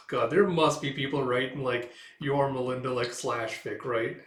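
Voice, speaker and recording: A man's voice: mid-range voice, steady tone, measured pace, fairly bright tone. A man hosting a casual comic read-through, talking in a laid-back way with many filler "uh"s. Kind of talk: casual read-aloud commentary. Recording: echoey room.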